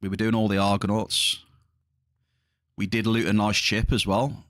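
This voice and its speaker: A man's voice: lowish voice, little pitch movement, normal speed, a bit bright, dry recording, clean studio sound. A middle-aged man chatting casually to viewers during a livestream, rambling, his voice slightly strained. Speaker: livestreaming gamer.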